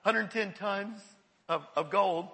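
Preaching slowly, this male pastor has a high, bright voice with real force behind it. He is animated, repeating words and appealing to the congregation, while the church hall answers with a long reverb.

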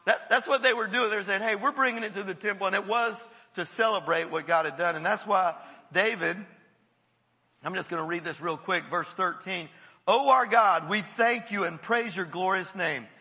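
A man preaching a sermon to his congregation, animated, repeating words and calling on the listeners to answer. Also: high voice, normal speed, long reverb tail. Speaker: pastor. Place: church.

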